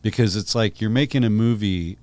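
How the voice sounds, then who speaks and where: A man with a very low voice chats through a film review on a podcast. He muses aloud and often breaks off to restart a thought. The sound is dry and close, with no room around it. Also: a little fast, darkish tone, dry recording. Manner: conversational, musing, self-interrupting. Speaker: podcast co-host. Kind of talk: casual film review chat.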